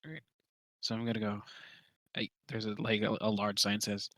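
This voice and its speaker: A man's voice: on the low side, level tone, normal speed, pauses often, fairly bright tone, no echo. A man playing a tabletop game, chatty and playful as he talks through his turn. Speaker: player. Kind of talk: casual tabletop play.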